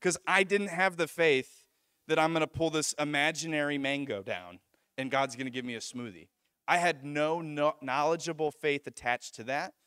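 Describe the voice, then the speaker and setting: A young man preaching a sermon as a lively personal story, acting out the people he quotes. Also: on the high side, normal speed, clean tone, dry recording, studio quality. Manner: animated storytelling, voices others in quoted dialogue.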